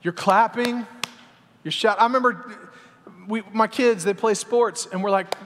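Man preacher with a high voice, fiery yet chatty, long church-hall reverb. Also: unhurried, slight background noise. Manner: energetic, swings between loud exhortation and quiet asides. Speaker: pastor. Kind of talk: sermon. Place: large church sanctuary.

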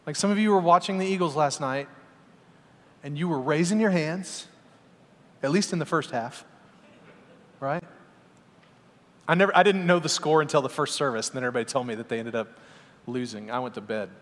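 A middle-aged man preaching a lively sermon, moving between loud exhortation and quiet asides. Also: on the high side, a little fast, long pauses. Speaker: pastor. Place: large church sanctuary. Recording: hall reverb in a church.

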